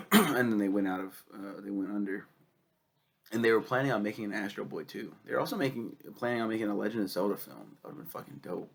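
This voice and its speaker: Gravelly sick man ranting. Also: lowish voice, fast talker. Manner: profane, rambling, excitable. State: sick with a cough. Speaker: film reviewer. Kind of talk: casual film review.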